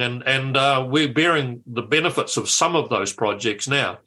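Bright-toned older New man. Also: mid-range voice, moderate pace. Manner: lively, with frequent restarts and laughs. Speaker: guest, former politician. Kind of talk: anecdotal storytelling.

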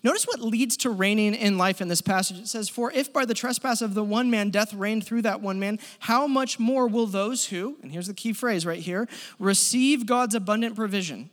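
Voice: medium pitch, fairly quick. Emphatic preacher in a reverberant church. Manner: emphatic, repeats key lines for stress; leads the congregation in spoken declarations. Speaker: pastor. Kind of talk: sermon. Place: church sanctuary. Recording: long hall reverb.

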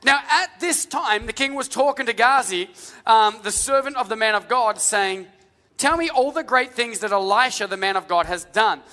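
A man preaching a sermon as lead pastor, energetic and calling out to the congregation. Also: very high-pitched, moderate pace. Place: large church hall with music. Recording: live church hall with long reverb.

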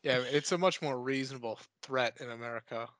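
Mid-pitched male co-host, deadpan, crude, dry close mic. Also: fairly quick, no room sound. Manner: deadpan dark humor, swears, fillers like "like". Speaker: podcast co-host. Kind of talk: casual crude chat.

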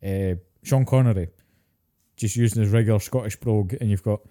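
A man co-hosting a podcast, chatting in a relaxed way, swearing casually and laughing often. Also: fairly low pitch, fairly quick. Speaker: podcast co-host. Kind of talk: casual chat.

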